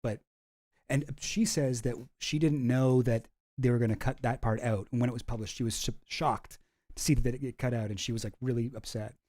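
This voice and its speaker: Mellow-voiced man in rambling casual commentary. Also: mid-range voice, fairly even intonation, brisk. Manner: rambling, filler-heavy, reads documents aloud.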